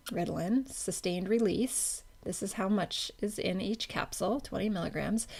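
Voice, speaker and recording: A woman's voice: mid-range voice, vocal fry, darkish tone. A woman teaching a pharmacology class in a casual, conversational way, often correcting herself mid-sentence. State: has the hiccups. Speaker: pharmacology instructor. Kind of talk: classroom lecture.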